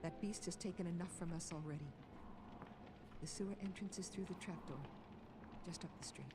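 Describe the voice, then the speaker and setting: A woman's voice: lowish voice, brisk, heavy background noise, natural voice. A woman voicing a grieving, pleading widow. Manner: earnest, pleading. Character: grieving widow asking a hero to slay a sewer beast. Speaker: game character.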